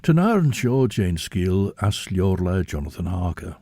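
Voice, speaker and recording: A man presenting on the radio and reading a story aloud in a measured, expressive way. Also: deep voice, no echo. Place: radio studio.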